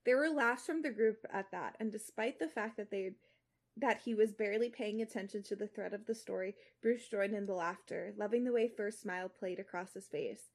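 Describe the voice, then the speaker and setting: A woman's voice: mid-range voice, moderate pace. A young woman podcast co-host reading fan fiction aloud and chatting animatedly, full of fillers.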